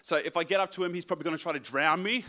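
Young male pastor, bright tone, lively self-mocking sermon storyteller. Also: a little high, rapid-fire.

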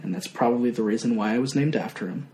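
A man's voice: mid-range voice, fast talker. Chatty man in an echoey room. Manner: animated storyteller, drops into mock outrage. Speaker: guest. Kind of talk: casual podcast chat. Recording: roomy echo with faint noise.

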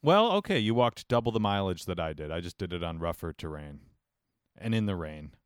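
Lower-voiced man with dry teasing humor. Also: big pitch swings, a little fast, clear, resonant tone, dry recording. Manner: dry, teasing humor with mock-serious remarks. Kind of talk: casual chat.

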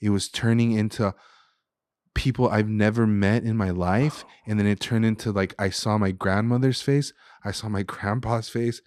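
Low-voiced man telling an emotional story. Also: fairly even intonation, moderate pace, darkish tone, no echo. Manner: emotional, heartfelt, says "dude" and "like" a lot. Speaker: podcast guest, chef. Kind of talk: casual podcast storytelling.

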